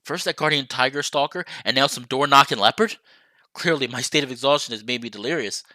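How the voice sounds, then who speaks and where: A man's voice: medium pitch, a little fast, sharp tone, no room sound. Playful man reading a game aloud. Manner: playful, chatty, laughs and apologizes to viewers. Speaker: streamer. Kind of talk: reading a visual novel aloud with commentary.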